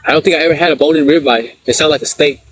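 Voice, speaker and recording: A middle-aged man from San Diego hosts a relaxed live stream. He reads viewer comments aloud and tells stories in street slang, laughing often. His voice sits a little higher than most men's. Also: very fast, slight background noise. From San Diego, USA. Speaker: livestreamer reading chat. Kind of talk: casual live stream chat.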